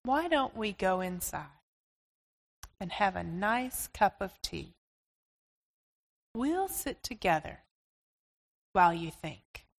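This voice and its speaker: A woman playing God as a gentle, patient man who speaks softly and reassuringly. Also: medium pitch, sing-song, big-room sound, heavily acted. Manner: soft, unhurried, reassuring. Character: gentle patient male God, calm and kind.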